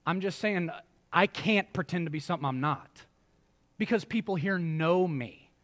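A man's voice: fairly high pitch, lively intonation, moderate pace, a bit bright. A male pastor preaching a sermon in a church, in a conversational style with joking asides to the congregation. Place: church sanctuary.

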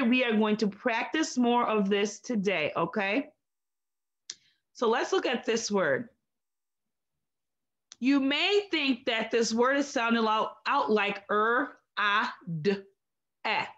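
A woman teaching a recorded phonics lesson to young children, slow, clear and encouraging. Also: on the high side, highs cut off.

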